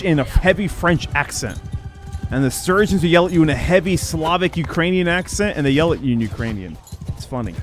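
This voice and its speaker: A man streaming gameplay live, chatting with viewers in an opinionated, talkative way. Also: a little high.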